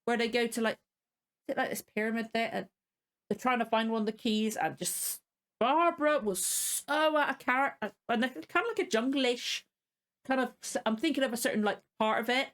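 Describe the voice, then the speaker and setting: Her voice is a little high and a bit bright, and her delivery is brisk. As host of a casual reaction channel, she's frank and rambling, full of fillers and false starts, clearly irritated by the episode she just saw.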